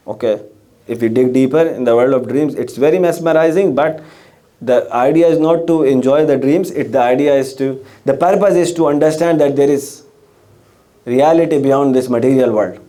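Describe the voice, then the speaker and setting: Speaking in a warm, medium-pitched voice, a middle-aged religious speaker delivers a sermon in a gathering hall. He tells stories, poses rhetorical questions, and restarts his sentences often.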